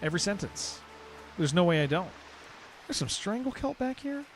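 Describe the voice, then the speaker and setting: A man's voice: sits high, big pitch swings, normal speed, over music. A young man from San Diego with a Californian accent, chatting casually and rambling as he streams a game, often saying dude. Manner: rambling, restarts sentences, says dude a lot. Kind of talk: casual live-stream chat while gaming.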